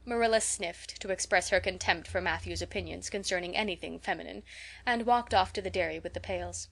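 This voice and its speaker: A woman narrating an audiobook of a classic novel in a measured, clear storytelling manner. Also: on the low side, fairly bright tone. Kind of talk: scripted narration.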